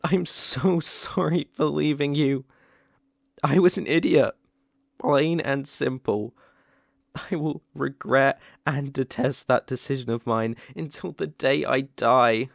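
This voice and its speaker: A young man with a British accent playing a remorseful ex-boyfriend in a whispered role-play, speaking hesitantly with soft laughs. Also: mid-range voice, slow, creaky, pauses often, dry recording, clean studio sound. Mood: tender. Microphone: close mic, ASMR.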